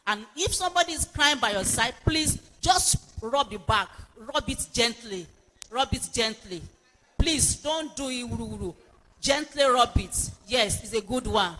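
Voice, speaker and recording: A woman's voice: on the high side, expressive, normal speed, a bit bright. A woman giving a sermon-like counselling talk, repeating her exhortations emphatically. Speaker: pastor and speaker. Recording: long hall reverb.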